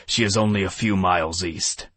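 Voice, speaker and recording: A man voicing a blunt male werewolf who answers in terse, deadpan lines. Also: sits low, moderate pace, no room sound. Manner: terse, dry deadpan replies.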